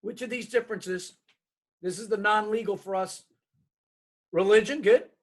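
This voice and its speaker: A man's voice: high-pitched, normal speed. A middle-aged man giving a diversity workshop, telling stories and acting out the people in them. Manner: animated, acts out quoted dialogue. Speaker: diversity trainer.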